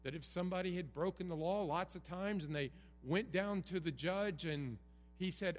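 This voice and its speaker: A man's voice: high-pitched, normal speed. A middle-aged man, preaching an earnest Christmas Eve sermon with emphatic repetition. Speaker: pastor. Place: church sanctuary. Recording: roomy hall reverb, faint hum.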